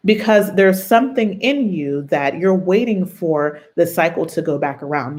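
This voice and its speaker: An earnest self-help host speaks in a mid-range voice that is neither high nor low. The delivery is reflective and conversational, drawing on lived experience and often turning to the listener with a quick check-in. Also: animated, a little mellow. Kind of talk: personal advice talk on abuse and trauma bonds.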